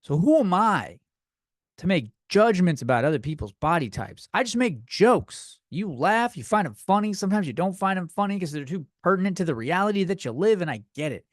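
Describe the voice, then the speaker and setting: Young male podcast host, slightly high-pitched, rambling profane rant, dry close-mic sound. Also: very animated, a little fast, no echo. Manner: rambling, profane, self-deprecating. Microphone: desk microphone.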